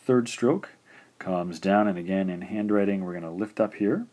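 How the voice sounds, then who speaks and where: A man with a very low voice gives a patient beginner lesson. He walks through each stroke step by step and repeats syllables slowly and clearly so learners can follow. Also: a little mellow. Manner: slow, deliberate, patient, enunciating syllables. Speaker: Japanese teacher. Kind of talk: instructional explanation.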